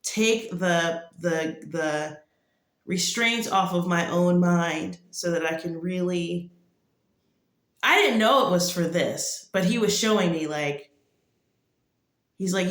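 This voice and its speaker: A woman's voice: lowish voice, slow pace. A woman giving a casual spoken testimony, rambling and full of "like" fillers. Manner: rambling, heavy use of "like" fillers. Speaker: testimony speaker. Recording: echoey room.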